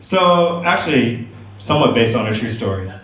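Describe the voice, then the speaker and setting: A man's voice: medium pitch, big pitch swings, moderate pace, fairly bright tone, slight background noise. A young man doing open-mic stand-up in a club, rambling with self-deprecating asides. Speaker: stand-up comedian. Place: comedy club stage. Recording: echoey club room, mic from far.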